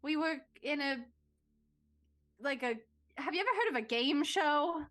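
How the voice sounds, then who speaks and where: A woman's voice: high voice, lively intonation, moderate pace, over a noisy crowd. A woman speaking earnestly and in a rambling way as a player in a tabletop game. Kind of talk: in-character chat in a tabletop game.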